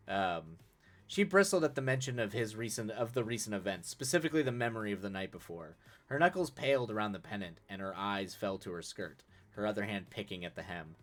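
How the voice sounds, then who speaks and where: Deep-voiced man reading a story aloud. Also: a bit bright. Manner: casual, laughs and corrects his own slips. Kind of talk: live-streamed reading with casual asides. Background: faint music.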